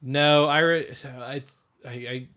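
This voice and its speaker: A man's voice: fairly high pitch, fairly even intonation, measured pace, bright, forceful tone, clear, resonant tone. A man co-hosting a casual podcast chat, reading out trivia with small stumbles. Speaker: podcast co-host.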